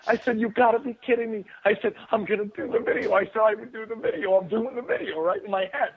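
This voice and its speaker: A high-pitched man talks fast and loose, piling up fillers and restarts. His voice comes through husky and thin over a tinny phone line. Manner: excitable, rambling, frequent restarts and fillers. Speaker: guest author. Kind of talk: casual storytelling on a call-in radio show.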